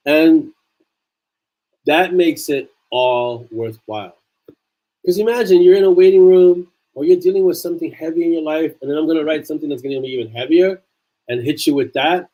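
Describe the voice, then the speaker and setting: A man's voice: on the high side, moderate pace, warm tone, rough recording. A man, an author hosting a casual livestream chat, talking earnestly and repeating phrases for emphasis.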